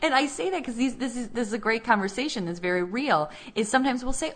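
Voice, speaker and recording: A woman's voice: fairly high pitch, lively intonation, fast talker. A woman co-hosting a casual parenting podcast, talking with emphasis and laughing often. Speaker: co-host and parenting coach.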